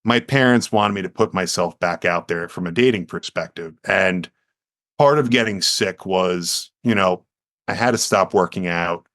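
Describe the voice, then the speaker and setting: A man's voice: low-pitched, moderate pace, no room sound, clean studio sound. A man, telling his story earnestly as a podcast guest and acting out quotes with energy. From United States. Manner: earnest, animated storyteller who acts out quotes.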